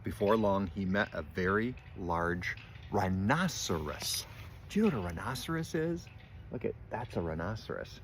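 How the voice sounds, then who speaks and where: An older man with a fairly low voice reads a picture book aloud to his grandchildren. He stops often to ask them gentle questions, and a faint hum of the room sits behind him. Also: expressive, moderate pace. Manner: gentle, asks children questions.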